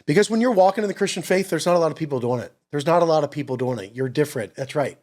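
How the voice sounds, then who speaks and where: A man's voice: on the high side, lively intonation, racing, hardly any pauses, darkish tone. A middle-aged man, tearful and choked up, giving an earnest faith testimony on his podcast and repeating himself as he speaks. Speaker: podcast host.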